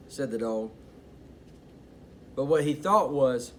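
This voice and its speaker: A man reading a picture book aloud to children in an expressive bedtime-story manner. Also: fairly high pitch, slow, a little hiss or hum.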